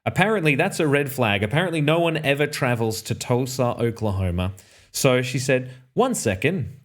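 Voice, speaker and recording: An Australian man recounting a travel mishap in an offhand, casual way. His voice sits at an ordinary middle pitch, and he keeps circling back to fix details and slip in deadpan remarks. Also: a little fast. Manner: rambling, self-correcting, dry asides. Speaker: streamer telling a personal story. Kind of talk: casual anecdote.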